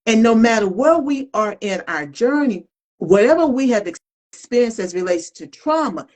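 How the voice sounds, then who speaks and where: A woman's voice: a little high, moderate pace, poor audio. A middle-aged woman co-hosting a podcast, talking candidly and colloquially, reflecting openly in casual chat. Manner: animated, colloquial, self-reflective. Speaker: podcast co-host. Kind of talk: candid conversational talk.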